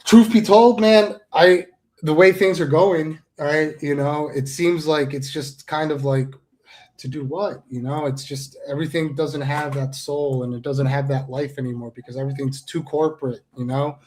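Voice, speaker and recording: Man, pro wrestler, heated rant, profane, repetitive, fairly high voice. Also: fairly even intonation, normal speed, a little mellow. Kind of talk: heated promo-style rant.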